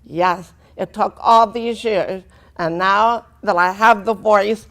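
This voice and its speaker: A woman's voice: medium pitch, steady tone, takes it slowly, a bit bright. A deaf woman giving a personal testimony to an audience, telling her story earnestly with dry humor. Her speech has unusual vowels and articulation that listeners often mistake for a foreign accent.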